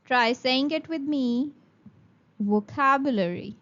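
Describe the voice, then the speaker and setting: A woman's voice: high-pitched, lively intonation, takes it slowly, muffled recording. A woman teaching a beginner English lesson, speaking carefully and repeating words for practice.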